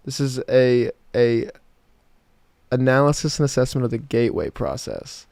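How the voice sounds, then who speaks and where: A man's voice: medium pitch, animated, normal speed, gravelly, a little mellow, clear, resonant tone, dry recording. A man in his twenties from South Georgia, hosting a casual livestream and chatting with viewers in a rambling way, with lots of fillers. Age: 20s. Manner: rambling, many fillers and restarts. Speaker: livestream host. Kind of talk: casual livestream chat, reading chat.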